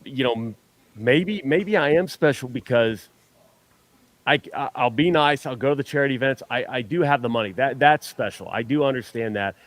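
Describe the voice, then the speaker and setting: A man at an ordinary middle pitch talks in loose, rambling bursts, often stumbling and restarting his sentences. He is self-deprecating and easygoing as a guest on a fan show. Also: moderate pace, no room sound. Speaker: superfan guest. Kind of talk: casual chat.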